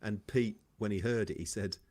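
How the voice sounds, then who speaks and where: A man's voice: fairly low pitch, normal speed, darkish tone. A man guest musician telling a story in casual chat on a video call.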